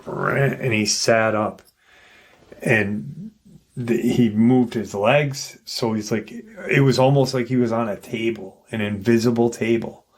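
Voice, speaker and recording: Slow, low-voiced man retelling a story. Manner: loose, rambling retelling with frequent "like" and "you know". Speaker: paranormal storyteller host. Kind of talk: casual retelling of an encounter story.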